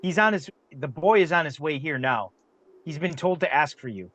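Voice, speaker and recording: A man narrating as game master of a tabletop game, halting and often repeating words. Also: on the high side, expressive, fairly bright tone.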